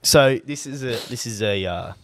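A man's voice: mid-range voice, expressive, moderate pace, no room sound. A young Australian man co-hosting a podcast in casual chat, rambling and acting out texts in voices. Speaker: podcast co-host.

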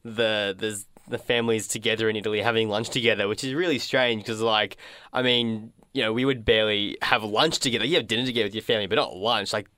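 A young Australian man with an Australian accent, chatting casually and telling relaxed stories. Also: on the low side, fast talker, no echo, studio quality. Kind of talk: casual chat.

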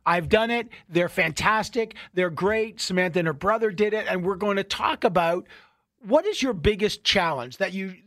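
A middle-aged man hosting a radio show, telling stories in a casual, animated way with many restarts. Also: sits high, normal speed, no echo, clean studio sound. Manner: conversational, animated storytelling with restarts. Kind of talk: casual talk radio monologue.

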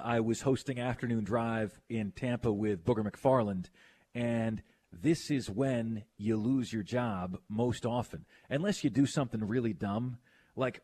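A man's voice: mid-range voice, a little hiss or hum. A man hosting a sports radio show, chatting casually and reading listener texts aloud. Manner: animated, quick to protest, reads listener texts aloud.

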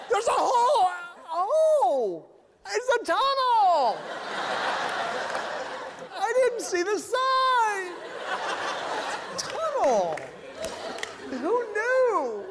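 A man's voice: extremely high pitch, huge pitch swings, extremely slow, long pauses, over a noisy crowd, pitched above the performer's own voice, full character voice. A man voicing a clueless male driver who panics and shrieks at the sight of a tunnel, in a stand-up routine. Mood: panicked. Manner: shrieking, frantic. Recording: long hall reverb, faint noise.

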